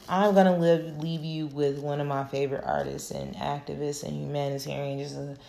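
Low, gravelly-voiced woman podcast host. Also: mellow. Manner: laid-back, profane, affirming. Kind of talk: casual solo podcast wrap-up.

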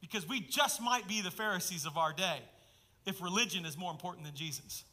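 Bright, forceful preaching pastor. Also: male voice, high voice, brisk. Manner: emphatic preaching with sudden loud bursts and hushed asides. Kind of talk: sermon.

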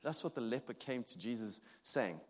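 A man in his thirties delivering a sermon in an earnest, halting way, often restarting his sentences. His voice sits at an ordinary pitch for a man. The sound rings with a long hall reverb. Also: lively intonation. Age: 30s. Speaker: preacher.

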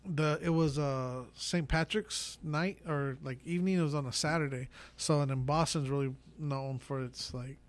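A man casually retelling a show to friends, rambling with lots of fillers and swearing. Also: a little high. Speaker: podcast host. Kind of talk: casual chat.

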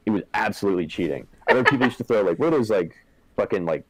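A young man with a fairly low voice rants and swears in relaxed chat. His voice sounds dry and close to the mic. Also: very fast, husky, no room sound, rough recording. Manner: profane, ranting, laid-back. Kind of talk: casual chat.

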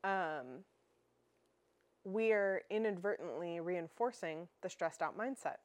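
Chatty woman podcaster, low voice. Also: lively intonation, takes it slowly, no room sound. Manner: chatty, with frequent fillers and restarts. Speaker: dog training podcast host. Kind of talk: casual solo podcast explanation.

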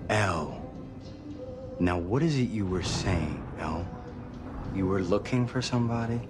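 A possessed young man, menacing beneath a smooth, mock-courteous surface. His pitch swings widely, rising and dipping as he toys with his words, and tense music plays underneath. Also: expressive, unhurried. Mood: falsely polite. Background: tense music score.

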